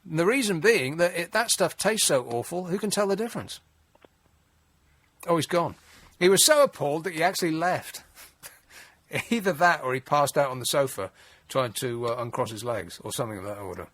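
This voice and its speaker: A man's voice: fairly high pitch, lively intonation, moderate pace, a bit bright, no room sound. A man hosting a late-night radio phone-in, wry and exasperated, rambling with frequent restarts. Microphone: studio mic.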